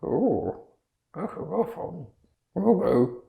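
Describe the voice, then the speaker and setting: A man's voice: sing-song, takes it slowly, vocal fry, echoey room, phone-quality sound, full character voice. Man doing a whimpering talking dog. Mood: nervous. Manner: whimpering high "oh" noises. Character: dopey talking male Labrador dog. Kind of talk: improvised comedy podcast.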